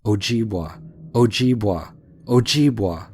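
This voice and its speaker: A male narrator voicing a menacing skeletal wendigo creature that chants slowly in a low voice. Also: a little mellow, slight background noise, close to an everyday voice. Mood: eerie chanting.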